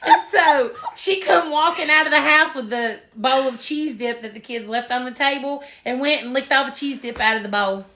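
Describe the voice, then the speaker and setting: A woman's voice: high-pitched, moderate pace, hardly any pauses, bright, forceful tone. A woman, a nurse chatting casually and telling stories in a book-lined room at home. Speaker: nurse and show co-host. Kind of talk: casual livestream chat.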